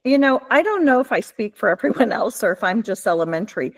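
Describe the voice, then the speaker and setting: A woman's voice: medium pitch, lively intonation, quick pace. A woman attending a webinar, asking questions in a chatty, self-deprecating way. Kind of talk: casual question and chat.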